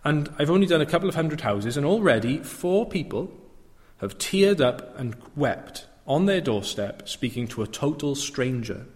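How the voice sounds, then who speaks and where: A man preaching a sermon in a reflective manner, often turning to rhetorical questions. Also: a little high. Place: church. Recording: long reverb of a church.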